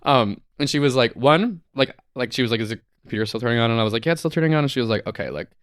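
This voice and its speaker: A man's voice: medium pitch, animated, very fast, fairly bright tone, clean tone, no room sound, studio quality. A young man in his twenties co-hosting a podcast, telling a long rambling story in casual chat, full of "like" and swearing. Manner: rambling storyteller, heavy use of "like", swears freely. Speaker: podcast co-host.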